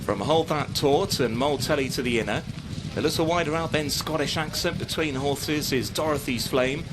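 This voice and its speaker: A man giving live horse racing commentary as a steady running call of the field. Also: on the high side, normal speed, noisy background.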